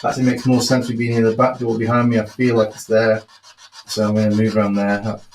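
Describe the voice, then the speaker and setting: A man running a live ghost hunt in an old building at night, calling out questions to the spirits in a half-hushed voice. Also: lowish voice, completely flat delivery, brisk. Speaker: ghost hunter. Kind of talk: live paranormal investigation. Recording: roomy echo.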